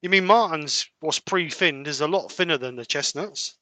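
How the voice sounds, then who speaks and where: A man's voice: on the high side, normal speed, pushed and bright, dry recording. A man demonstrating woodturning on a livestream, explaining his steps in a plain, practical way. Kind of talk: livestream demo chat.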